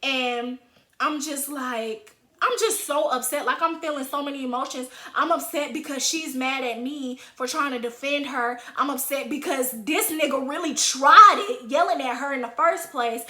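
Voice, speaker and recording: A young woman in her twenties telling a story in a casual vlog, animated and dramatic, with acted quotes. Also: high-pitched, moderate pace. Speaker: vlogger. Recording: roomy echo.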